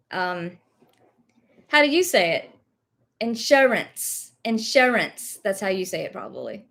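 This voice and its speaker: A gravelly but fairly bright mid-range voice belongs to a young livestream host and reseller from the rural American South. She has Covid and a light Southern US accent, and she chats and rambles casually as she reads viewer comments, full of fillers and self-corrections.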